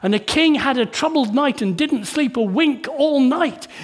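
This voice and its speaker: A man preaching a sermon in church, asking the congregation rhetorical tag questions and shifting between hushed and emphatic delivery. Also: extremely high pitch, expressive, measured pace.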